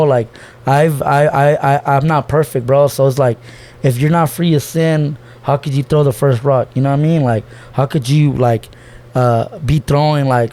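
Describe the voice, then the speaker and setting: Mid-range in pitch with a darkish tone, a young podcast guest opens up about his family in casual, heartfelt conversation. His talk is loose and slangy, peppered with "bro," swearing, and restarted sentences.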